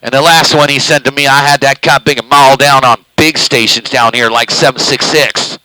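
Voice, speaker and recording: A man runs a live CB radio station from home, talking loosely in a drawl and speaking very close to the microphone, even saying he eats the mic. His medium-pitched voice is steady and sharp at a moderate pace. The recording quality is low.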